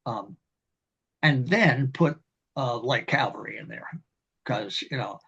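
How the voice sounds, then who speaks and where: An older man, a community band director, explaining conducting in a rambling, halting way and singing rhythms. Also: medium pitch, lively intonation, gravelly, fairly bright tone, slightly rough, muffled recording. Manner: rambling, halting, with many fillers and sung rhythms. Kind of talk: instructional talk on conducting.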